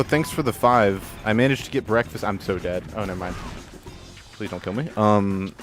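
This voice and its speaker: A man hosting a casual live stream, chatting while he plays a game and breaking into loud swearing outbursts at it. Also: on the low side. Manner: excitable, swears and shouts at the game. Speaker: streamer and show host.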